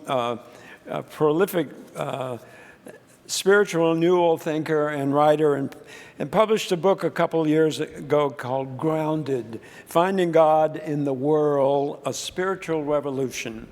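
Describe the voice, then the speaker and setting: A man's voice: on the high side, a little slow, darkish tone. Man preaching in a reverberant church. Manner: storytelling with frequent restarts and fillers. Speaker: pastor. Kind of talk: sermon. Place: church sanctuary.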